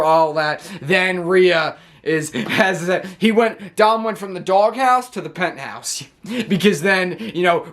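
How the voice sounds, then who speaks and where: A man excitedly recapping a show in a casual, rambling way, often correcting himself and laughing. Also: on the high side. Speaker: wrestling channel host.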